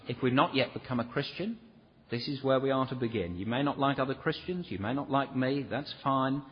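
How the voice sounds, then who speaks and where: Husky preacher in an echoing church. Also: male voice, mid-range voice. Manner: earnest, pleading, acts out quoted complaints. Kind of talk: sermon. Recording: dull lo-fi recording with long hall reverb.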